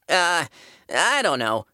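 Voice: medium pitch, very noisy. A voice actor playing a sensible, patient male tomato co-hosting a cartoon podcast, mildly exasperated by his friend. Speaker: co-host.

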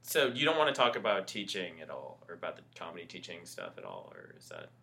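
Bright-toned male podcast host. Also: sits low, wildly swooping pitch, creaky. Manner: affable listener, quick backchannel remarks. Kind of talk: casual interview chat.

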